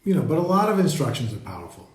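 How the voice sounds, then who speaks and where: A man leading a live meditation talk, speaking slowly and reflectively and greeting viewers as they join. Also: a little high, big pitch swings. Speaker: meditation teacher. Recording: roomy echo.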